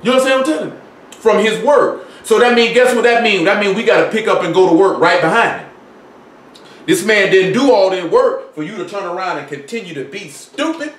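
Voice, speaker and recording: High-voiced preacher in an echoey room. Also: male voice, expressive, a little fast. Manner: conversational preaching, rhetorical questions, scripture reading. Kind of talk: sermon. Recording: echoey room, mic at a distance.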